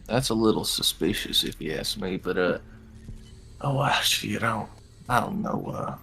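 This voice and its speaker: A man's voice: fairly low pitch, lively intonation, moderate pace, vocal fry, sharp tone, slightly rough, faint music behind. A man playing in a tabletop game, chatting casually and joking as he acts.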